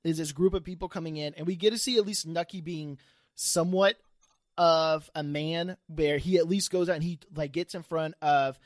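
A man hosting a podcast, recapping an episode in rambling, halting casual chat. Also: a little high, fairly even intonation, dry recording, studio quality. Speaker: podcast host.

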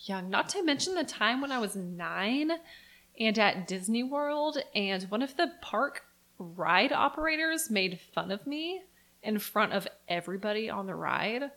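Bright-voiced young woman, blunt. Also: mid-range voice, expressive, measured pace. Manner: candid, blunt, swears casually. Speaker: podcast co-host. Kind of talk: casual chat.

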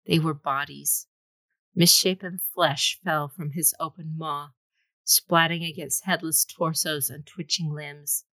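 A woman's voice: deep voice, fairly even intonation, takes it slowly, bright, forceful tone, dry recording, low-quality recording. A woman reading a fantasy story aloud with dramatic storytelling. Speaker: audiobook reader. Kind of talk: scripted fantasy narration.

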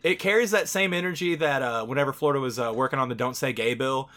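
A man's voice: medium pitch, quick pace, a bit bright. A man co-hosting a casual podcast, talking candidly, swearing freely, with lots of fillers. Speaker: podcast co-host.

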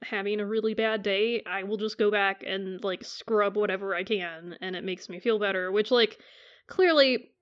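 A woman's voice: medium pitch, fairly even intonation, moderate pace. Chatty woman with a dull lo-fi sound. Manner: chatty, many "like" fillers. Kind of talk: casual chat about a movie. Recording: dull lo-fi audio.

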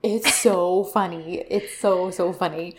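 A woman co-hosting a casual podcast chat, talking quickly and animatedly about a TV episode with frequent laughs and fillers. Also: on the low side, steady tone, noisy background.

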